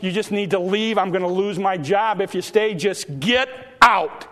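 A man's voice: high-pitched, normal speed, a bit bright. Man voicing an indignant, stern gardener; raised, firm voice. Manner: stern, orders her out. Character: indignant male gardener guarding a king's grapes.

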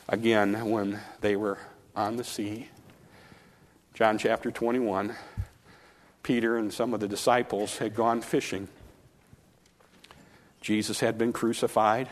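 Man, preacher, storytelling sermon, acted-out dialogue, slows and softens for emphasis. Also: lowish voice, steady tone.

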